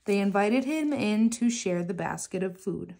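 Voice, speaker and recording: A woman reading a children's picture book aloud in a gentle, measured storytelling manner. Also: medium pitch, lively intonation.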